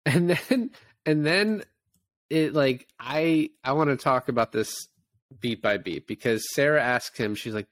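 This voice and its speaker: A man co-hosting a casual movie podcast, retelling scenes with lively quoted voices and laughter. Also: medium pitch, normal speed, no echo. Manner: animated storytelling, acts out scenes in quoted voices. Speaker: podcast co-host.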